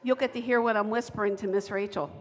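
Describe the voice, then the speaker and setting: A woman's voice: mid-range voice, fairly even intonation, fast talker. A woman leading a playful children's time in a church service, coaxing kids to sit and play a game. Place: church sanctuary. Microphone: handheld or lapel mic. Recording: long church reverb.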